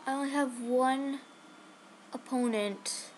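A woman giving chatty, excitable live commentary on her own game, talking straight to her viewers. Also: sits high, slow, faint music behind. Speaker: gaming channel host.

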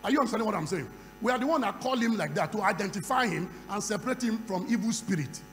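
A man preaching a sermon at a conference, moving from quiet storytelling to loud shouting. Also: high voice, lively intonation, fast talker. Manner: acts out dialogue in a conversational storytelling voice. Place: large conference hall. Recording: reverberant hall with faint hum.

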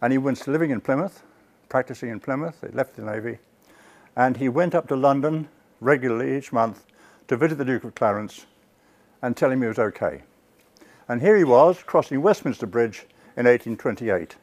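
A man lecturing on history before a live audience, at a mid-range pitch. He tells the tale like a story, turns to the listeners with asides, and stops to correct himself mid-word. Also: animated, moderate pace, a little mellow. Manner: self-corrects and restarts words.

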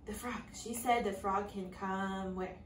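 A mid-range female voice, steady in tone and measured in pace, reads a storybook aloud to young children learning English and asks them simple questions patiently. The mic is far off in an echoey room, with a little faint noise.

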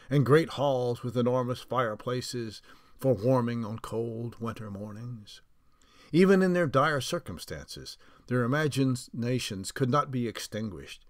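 A man's voice: medium pitch, no room sound. Man reading a novel in a dry voice. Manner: unhurried storytelling with small slips and restarts. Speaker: audiobook narrator.

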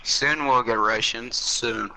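A man's voice: medium pitch, takes it slowly, pushed and bright, low-quality recording. A man playing an online shooter with a friend, answering in short reactive remarks. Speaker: gaming friend. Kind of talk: casual gameplay chat.

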